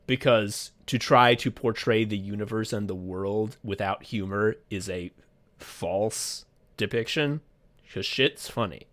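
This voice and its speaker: Excitable, profane male podcast co-host. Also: on the low side. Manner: excitable, profane, animated storytelling with quick voice switches. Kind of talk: casual comedic chat.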